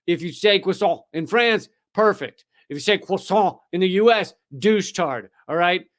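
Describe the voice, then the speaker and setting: High-voiced sarcastic man hosting a stream. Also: animated, moderate pace, fairly bright tone. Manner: loose, profane, sarcastic riffing with many fillers. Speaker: comedic news host. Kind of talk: live-streamed comedic news monologue.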